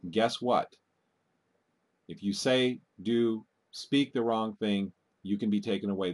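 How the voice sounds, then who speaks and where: A man speaks in an urgent, warning tone as he hosts his own commentary video. His voice sits at an ordinary middle pitch. He often breaks off mid-word and starts over. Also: darkish tone. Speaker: video host. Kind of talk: casual commentary.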